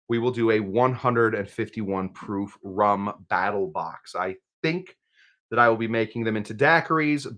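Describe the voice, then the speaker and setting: A man's voice: on the low side, a bit bright. Man, live cocktail stream host, casual rambling chat, jokey, reads viewer comments.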